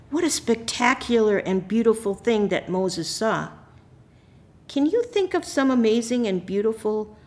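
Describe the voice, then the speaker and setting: A woman reading scripture in a church service and leading a gentle children's message. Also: mid-range voice. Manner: gentle, storytelling tone aimed at children. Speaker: lay reader and children's message leader.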